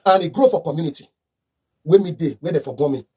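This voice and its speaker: A man's voice: a little high, fast, a little mellow, slightly rough. A man with a Nigerian accent mixing in Pidgin, giving fervent, rambling political commentary with lots of repetition.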